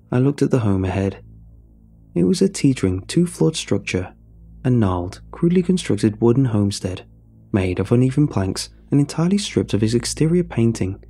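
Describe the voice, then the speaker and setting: A man's voice: mid-range voice, breathy edge. A man narrating a first-person story in a dramatic, wry manner. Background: soft music.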